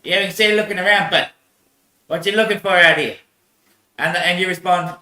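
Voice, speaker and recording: A man's voice: high-pitched, moderate pace, pushed and bright, reverberant. A man in a rambling monologue, repeating himself, swearing and laughing often.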